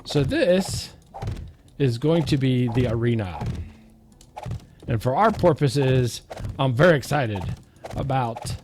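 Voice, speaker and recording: A man's voice: mid-range voice, lively intonation, slow, long pauses, background noise. A man giving casual, playful gameplay commentary, chanting counts and joking at his own expense. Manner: self-mocking, goofy asides.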